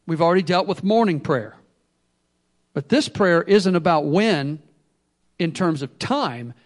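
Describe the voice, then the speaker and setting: High-voiced, animated male preacher. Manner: animated and humorous, swinging from soft to loud. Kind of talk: sermon.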